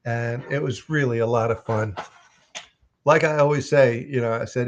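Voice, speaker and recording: A male voice actor with a mid-range voice talks at a moderate pace during a live signing. He's casual and chuckly, reading chat questions aloud and telling stories.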